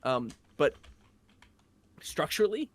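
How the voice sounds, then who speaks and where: A man co-hosting a casual movie discussion, thinking aloud in a measured, agreeable way. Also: fairly high pitch, sing-song. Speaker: co-host of a movie discussion show.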